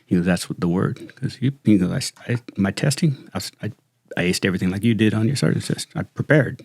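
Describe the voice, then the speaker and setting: A middle-aged man, a retired sheriff's lieutenant, telling stories in a casual, animated way and saying "dude" often. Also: on the low side, fast, gravelly, husky, no room sound. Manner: animated, slangy, says "dude" constantly. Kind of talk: casual storytelling chat.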